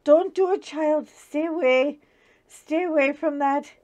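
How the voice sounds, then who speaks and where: A woman's voice: steady tone, slow. A woman voicing an older mother who warns sternly from heaven, in a comic impression during a casual chat. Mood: warning. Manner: high, loud, preachy warnings.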